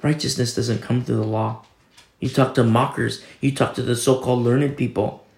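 A man's steady, mid-range voice carries a gravelly, somewhat dark tone at a normal speed, and the audio sounds roomy. He is a pastor giving a sermon in an easygoing storytelling style, quoting and reading scripture as he goes.

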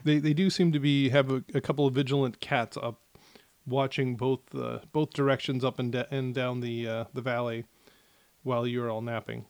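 A man narrating as game master of a tabletop game, with many pauses and restarts. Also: medium pitch, flat delivery, a little mellow, dry recording. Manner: hesitant, many fillers and restarts.

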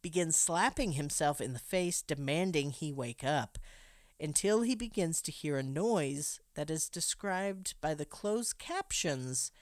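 A woman's voice: deep voice, animated, a little slow, no echo. Dry-voiced woman recapping a film. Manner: wry, dramatic retelling with laughs. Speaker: podcast co-host recapping a film. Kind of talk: casual recap narration.

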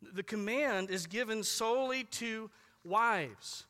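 A man preaching with a high, bright voice that rings through a hall with a long reverb. He is emphatic, repeats his key phrases and slows down sharply to press home single words. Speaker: pastor. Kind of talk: sermon.

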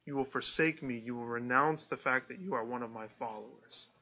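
A man's voice: medium pitch, brisk, dull audio. A man preaching a sermon in a conversational way, often asking his listeners rhetorical questions. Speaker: pastor.

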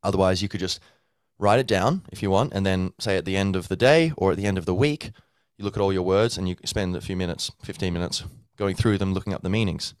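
A podcast host with a low voice delivers a casual teaching monologue, rambling through his explanation with many fillers and restarts while acting out a learner's inner thoughts. He talks fast with hardly any pauses. The studio-quality recording has no room sound.

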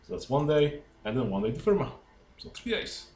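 A man's voice: mid-range voice, sing-song, brisk, darkish tone. A man casually playing a tabletop game, chatty and upbeat. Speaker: player. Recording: roomy room with faint hiss.

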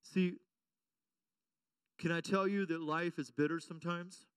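A man's voice: fairly high pitch, steady tone, measured pace, a bit bright, clear, resonant tone, no room sound, distant mic. A man preaching as pastor, emphatic and repetitive, often checking in with the congregation. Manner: emphatic preaching with repeated call-and-response questions. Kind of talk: sermon. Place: church.

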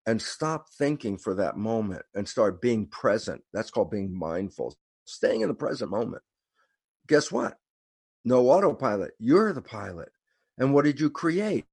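Guy guesting on a show, telling stories all animated, a bit husky, dry close sound. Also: medium pitch, no room sound. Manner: animated, acts out quoted dialogue. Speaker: guest speaker. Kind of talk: storytelling conversation.

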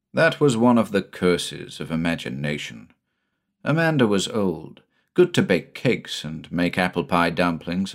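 A man narrating a horror short story in a measured, somber way. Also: deep voice. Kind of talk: audiobook narration.

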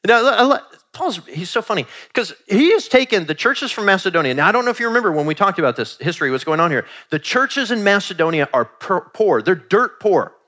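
A middle-aged man preaching a sermon in a conversational, animated way, acting out quoted asides. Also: high-pitched, fairly quick. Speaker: pastor.

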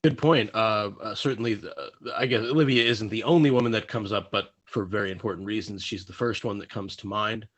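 A man with a fairly low voice taking part in a TV podcast discussion. He speaks thoughtfully and starts his points with some hesitation. His tone is relaxed and conversational. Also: fairly quick, few pauses. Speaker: podcast co-host. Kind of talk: casual discussion of a TV episode.

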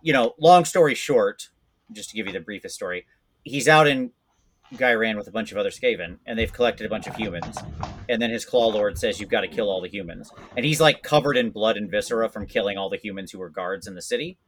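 A man chatting casually as a podcast guest, rambling and self-deprecating, quick to laugh at himself. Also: fairly low pitch, fairly bright tone, a little hiss or hum. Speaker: guest voice actor.

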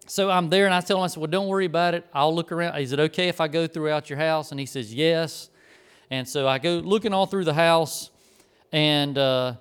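A man's voice: fairly high pitch, clear, resonant tone. A middle-aged man, preaching a conversational, folksy sermon and telling a story. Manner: rambling, folksy, self-correcting.

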